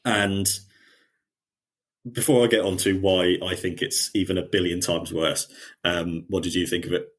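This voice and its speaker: With a deep voice that barely moves in pitch and a normal speaking speed, a man co-hosting a podcast chats casually while recounting a show's scenes. He voices the characters' lines in a lighter tone.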